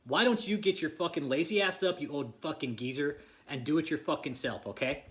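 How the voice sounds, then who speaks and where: Speaking in a high-pitched, slightly bright voice, a man vlogs a profane, furious rant to the camera aimed at exposing a church. He keeps repeating himself and calls out someone by name.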